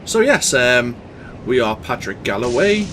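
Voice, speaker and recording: A man's voice: mid-range voice, big pitch swings, measured pace, background noise. Chatty man doing gameplay commentary. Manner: chatty and rambling, with fillers and asides. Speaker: let's play host.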